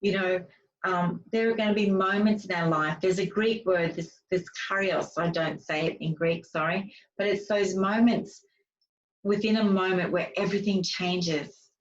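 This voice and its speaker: A woman's voice: on the low side, fairly even intonation, moderate pace. A woman speaker and author telling stories in a casual, chatty way, with many fillers and restarts. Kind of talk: casual interview storytelling. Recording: distant, dull lo-fi sound.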